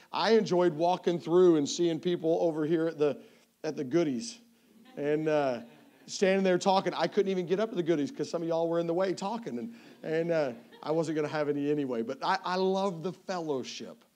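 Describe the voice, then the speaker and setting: A man's voice: on the high side, a little fast, darkish tone. A man from Tennessee with a Southern accent, a visiting evangelist opening a sermon in a church in a folksy, joking way, often stumbling and restarting. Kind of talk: sermon introduction. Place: church sanctuary.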